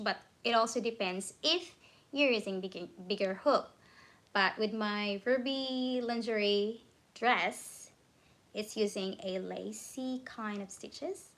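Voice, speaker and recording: Slow-talking drowsy woman livestreaming. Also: medium pitch, a bit bright. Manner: unhurried, searching for words with many ums. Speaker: crochet livestream host. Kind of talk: casual livestream chat.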